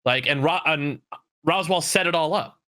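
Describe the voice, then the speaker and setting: Bright-voiced laid-back young man. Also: fairly high pitch, normal speed. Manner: laid-back, swears casually, rambling. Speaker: podcast co-host. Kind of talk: casual podcast chat.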